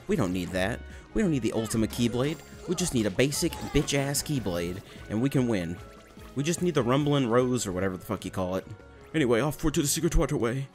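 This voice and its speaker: A man's voice: medium pitch, darkish tone. A man giving rambling, profane, jokey commentary while playing a game. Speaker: gamer. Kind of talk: let's play commentary.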